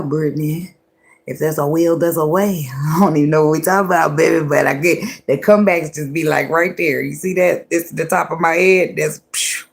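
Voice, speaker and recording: Lady doing a laid-back tarot reading, cusses a lot, laughs, kinda rambles and restarts her thoughts. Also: low voice. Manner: loose and chatty with frequent cursing and laughter; muses aloud, often restarting thoughts. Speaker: tarot reader. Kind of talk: casual spoken tarot reading.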